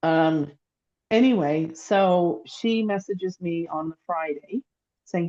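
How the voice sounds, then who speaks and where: A woman with a somewhat low, mellow voice tells a long personal story in casual chat. She rambles and restarts, her feeling building as she goes. Her remote call mic sounds a little dull. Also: unhurried. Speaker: psychic, podcast co-host. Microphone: remote call microphone.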